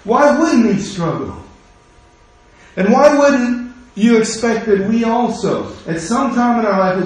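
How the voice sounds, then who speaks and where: Male pastor, sermon, high voice, very echoey room, impassioned, rhetorical questions.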